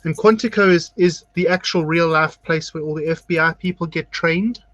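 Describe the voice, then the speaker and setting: A man hosting a relaxed drag talk show, chatting as he paints his face. His voice sits a little high and sounds dry and close to the mic. He tells long stories and acts out the lines of the people in them. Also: normal speed, no room sound, muffled recording. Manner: chatty storyteller, acts out quotes. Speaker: drag queen host. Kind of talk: casual chat while doing makeup.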